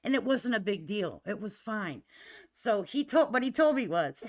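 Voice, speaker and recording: A middle-aged woman hosting a livestream, telling stories in casual chat, laughing often, and talking lively and emphatically to her viewers. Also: fairly low pitch, normal speed. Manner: laughs often, lively and emphatic, addresses listeners as honey and baby. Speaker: livestream host.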